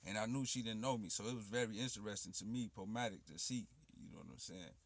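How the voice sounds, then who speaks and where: A man's voice: lowish voice, fast talker, dry recording. A man telling a personal story in loose, rambling street slang with frequent asides. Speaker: poet and channel host.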